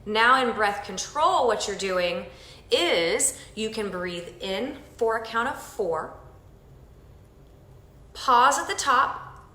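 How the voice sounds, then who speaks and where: A woman teaching yoga, gently and calmly guiding a breathing exercise with counts. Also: fairly high pitch, echoey room, poor audio. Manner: gentle, calm and encouraging. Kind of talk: guided breathing lesson.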